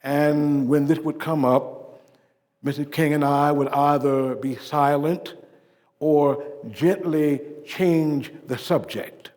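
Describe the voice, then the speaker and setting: A man playing a dignified civil rights preacher, telling his life story in a first-person stage monologue, with measured oratory that swells emphatically and drops to a hush. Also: fairly high pitch, steady tone, long reverb tail. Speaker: living-history performer. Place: stage performance.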